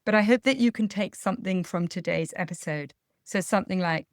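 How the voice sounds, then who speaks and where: Calm woman giving parenting advice. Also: on the low side, dry recording, clean studio sound. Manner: calm, measured, explanatory. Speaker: parenting coach. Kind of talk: podcast advice talk.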